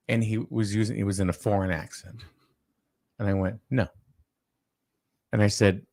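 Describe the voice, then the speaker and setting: A man with a low voice hosts a casual local talk show. He tells stories in a lively way, often repeating "I said.". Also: moderate pace, long pauses. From Eastern Connecticut. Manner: animated storyteller, repeats "I said". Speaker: host.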